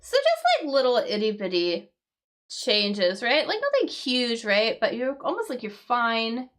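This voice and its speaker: A woman's voice: fairly high pitch, wildly swooping pitch, fairly bright tone. A woman teaching English vocabulary on a live crossword stream, explaining words patiently and checking in with "right?" as she goes. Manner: explains slowly with frequent "right?" checks and fillers.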